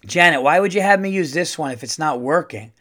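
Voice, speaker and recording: A man's voice: on the high side, lively intonation, fairly quick. A man doing a brash gum-chewing old cashier lady. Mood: exasperated. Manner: loud, teasing, exasperated.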